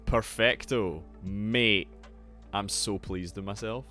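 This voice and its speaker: A young man hosting a casual live stream, excitable, swearing freely and greeting his chat. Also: on the low side, slow pace. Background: faint lo-fi music.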